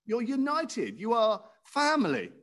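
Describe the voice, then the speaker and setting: A man's voice: very high voice, huge pitch swings, unhurried, fairly bright tone. Guy preaching, chatty, keeps asking the crowd stuff, voice goes up and down a lot. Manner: conversational, asks the audience questions. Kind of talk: sermon.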